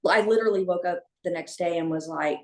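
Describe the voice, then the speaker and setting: A woman telling a personal story as a podcast guest, speaking candidly, with many restarts and fillers. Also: on the low side. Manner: halting, with frequent restarts and fillers. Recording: echoey room.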